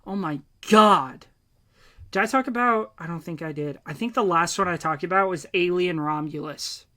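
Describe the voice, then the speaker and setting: A man's voice: high-pitched, a little fast, pushed and bright. A young man, co-hosting a podcast in blunt, profane, enthusiastic casual chat. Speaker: podcast co-host.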